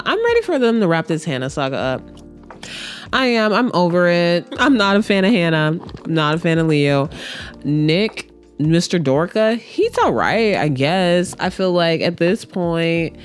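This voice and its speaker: Chatty woman with a lively, low voice. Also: no room sound. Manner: chatty, full of "like", blunt, swears. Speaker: TV show reviewer. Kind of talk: casual chat.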